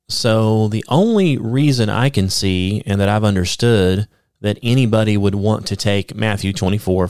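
A man teaching the Bible on a podcast, explaining step by step with many "okay?" checks and reading scripture aloud slowly with emphasis. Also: fairly low pitch, darkish tone, clean tone, no echo, studio quality. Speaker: podcast preacher.

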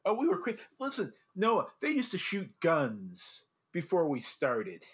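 Man, casual chat, animated storyteller, laughs often, swooping pitch, slightly high voice. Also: unhurried, slightly rough. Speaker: podcast host and former drum corps judge.

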